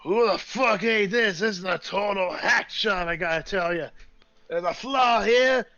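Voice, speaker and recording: A cursing grumpy dwarf smith. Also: male voice, sits high, measured pace, dry recording, dull audio, soft background music, voice pushed up, full character voice. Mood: scornful. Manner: loud, gruff, cursing, shouting. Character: grumpy foul-mouthed old male dwarf blacksmith.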